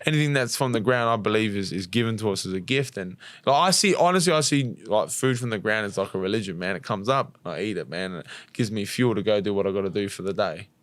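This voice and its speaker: Australian man, young, blunt and sweary, low voice, dry close sound. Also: fast talker, hardly any pauses, no room sound. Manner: blunt and swearing, animated storytelling. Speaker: podcast guest, fighter. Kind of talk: casual chat.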